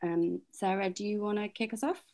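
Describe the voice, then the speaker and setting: A woman's voice: mid-range voice, steady tone, brisk, warm tone. A young woman co-hosting a podcast, chatting casually and encouragingly. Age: young adult. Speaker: podcast co-host.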